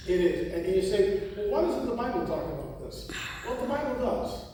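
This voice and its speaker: A man giving a talk to a live audience, animated and full of rhetorical questions. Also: high voice, normal speed, slight background noise. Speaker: conference speaker. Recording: echoey hall recording from far off.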